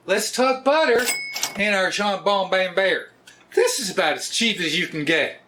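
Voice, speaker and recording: A man's voice: sits high, lively intonation, a little slow, bright, forceful tone, a little hiss or hum. Jokey sixty-something man. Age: 60s. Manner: jokey, often laughs and raises his voice. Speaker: cooking video host. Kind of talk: casual cooking vlog.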